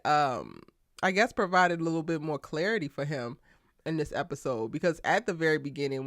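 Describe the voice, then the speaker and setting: A woman hosting a live TV show recap, talking in an animated, slangy, emphatic way and laughing often. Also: deep voice, no room sound, clean studio sound. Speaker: TV show aftershow host.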